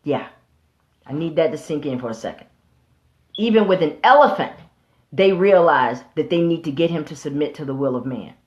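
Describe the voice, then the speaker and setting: A woman's voice: low-pitched, lively intonation, normal speed, pauses often. A woman hosting and preaching, emphatic and rhetorical, speaking straight to her listeners. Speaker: host and preacher. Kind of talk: preaching to an audience. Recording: roomy, slightly dull recording.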